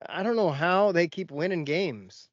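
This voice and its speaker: A man's voice: sits high, a little slow, no room sound, dull audio. A man co-hosting a podcast, telling rambling stories in casual chat and laughing often. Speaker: podcast co-host.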